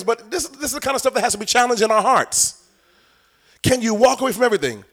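A man's voice: extremely high pitch, animated, fast, bright, forceful tone. A man preaching a sermon as bishop, asking the crowd questions and acting out little scenes.

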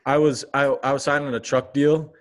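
A man's voice: medium pitch, flat delivery, brisk. A man in his twenties co-hosting a podcast, chatting casually with dry, teasing humor. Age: 20s. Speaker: podcast co-host. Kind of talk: casual chat.

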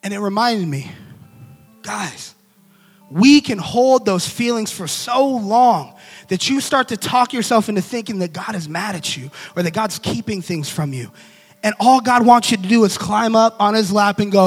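Man preacher, high pitch, lively casual storytelling, soft music underneath. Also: normal speed. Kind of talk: storytelling devotional talk.

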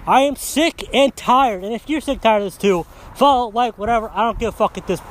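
High-voiced man ranting and swearing. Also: a little fast. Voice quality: coarse, heated, swears constantly. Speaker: podcast host. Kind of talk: profane ranting monologue. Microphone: phone.

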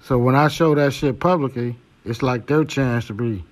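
A man's voice: mid-range voice, normal speed, hardly any pauses. A man hosting a podcast, giving blunt, preachy advice with heavy cursing. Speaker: podcast host. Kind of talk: profane monologue.

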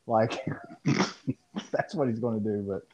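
A man's voice: on the low side, slow, a little mellow. A man co-hosting a podcast in casual chat, rambling and profane as he riffs. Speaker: podcast co-host. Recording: muffled lo-fi audio.

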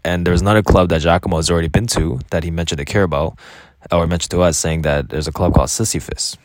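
A man's voice: deep voice, fairly even intonation, fast talker, dry recording. A young man casually recounting his travels as a vlogger, rambling and correcting himself with many fillers. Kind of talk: casual spoken travel diary.

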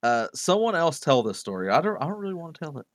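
A man co-hosting a podcast in casual chat, animated and laughing often as he tells stories. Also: fairly high pitch, fast talker, no room sound. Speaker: podcast co-host.

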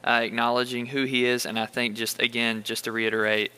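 A man from Kentucky guiding a Bible study conversation in a bright, clear, smooth voice. He speaks in an earnest, unhurried way, thinking aloud as he invites the others in. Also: mid-range voice, little pitch movement. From Bullitt County, Kentucky. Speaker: host leading a Bible study discussion.

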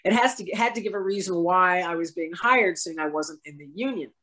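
Animated woman telling a story. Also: lowish voice, brisk. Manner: animated, laughing often, acts out quoted voices. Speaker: actress guest telling a career story. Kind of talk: casual storytelling.

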